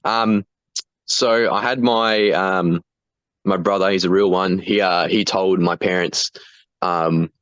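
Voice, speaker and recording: A man's voice: sits low, fairly even intonation, takes it slowly, a bit bright, no room sound, muffled recording. A young man, a guest talking casually about being wounded, laughing often and swearing freely with lots of restarts. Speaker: guest, foreign fighter. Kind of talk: casual chat.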